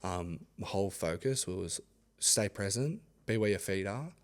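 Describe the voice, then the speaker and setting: A man's voice: low-pitched, moderate pace. A young Australian man in his twenties, a podcast guest, telling stories casually and acting out what others said, with frequent laughter. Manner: animated, acts out quoted voices, laughs often. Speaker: podcast guest, rugby league player. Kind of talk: casual storytelling.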